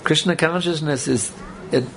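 A man's voice: fairly high pitch, moderate pace, gravelly, fairly bright tone, a little hiss or hum. A man giving a spiritual talk to a live audience in a conversational, rambling way, with joking asides. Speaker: spiritual teacher. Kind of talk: sermon with audience banter.

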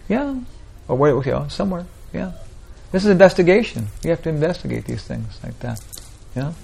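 A man's voice: on the high side, lively intonation, brisk, gravelly, a little mellow, husky. A man teaching a small group in an informal spiritual talk, rambling and repeating "like that, you know" often.

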